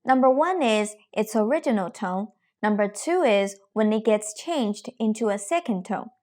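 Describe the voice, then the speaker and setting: A woman teacher leading a pronunciation drill, modelling each word slowly and deliberately for learners to repeat. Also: medium pitch, lively intonation, darkish tone. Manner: slow, deliberate modelling of tones. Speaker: Chinese teacher.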